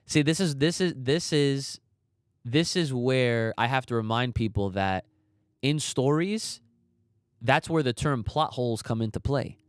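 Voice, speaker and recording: A man's voice: mid-range voice, slow, pauses often, clear, resonant tone, no echo, studio quality. A young man hosting a casual podcast livestream, talking emphatically in slangy, swearing rants and reading out chat comments. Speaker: podcast host.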